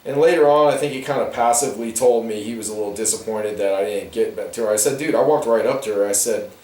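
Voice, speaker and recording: A man's voice: on the low side, quick pace, a little mellow. Guy ranting and rambling while he colors, lots of restarts, sounds a bit far off in an echoey room. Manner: ranting, many restarts and asides. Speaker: artist talking while coloring a comic. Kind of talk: rambling casual monologue. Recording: roomy echo, distant from the mic.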